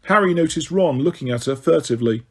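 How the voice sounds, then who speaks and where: A man's voice: on the high side, lively intonation, fast talker, slightly rough. A man reading a novel aloud as an audiobook narrator, with occasional stumbles and restarts. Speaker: audiobook reader.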